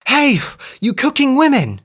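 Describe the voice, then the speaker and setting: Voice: medium pitch, big pitch swings, a little slow, pitched above the performer's own voice. A reader putting on a chirpy sly little hare. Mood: urgent, excited. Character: wily cheeky female hare.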